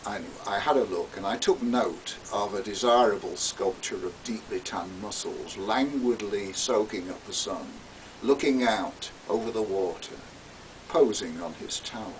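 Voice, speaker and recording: A man's voice: lowish voice, measured pace. A man, an author, narrating his own story in a theatrical, relishing way. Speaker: author reading his novel. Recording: distant mic with faint hiss.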